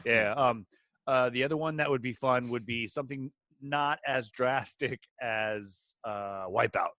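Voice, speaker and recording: A man co-hosting a podcast, telling stories in a halting, rambling way with lots of restarts. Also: medium pitch, sharp tone, no echo. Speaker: podcast co-host. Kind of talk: casual comedic chat.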